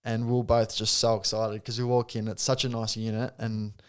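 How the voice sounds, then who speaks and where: A young Australian man, a podcast guest, telling a story in casual chat with lively laughs and acted-out quotes. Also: lowish voice, fairly quick, smooth.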